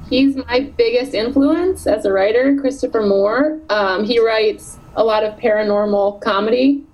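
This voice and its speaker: A woman author in her thirties chatting in an interview, animated and quick to laugh. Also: a little high, low-quality recording. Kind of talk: casual interview chat.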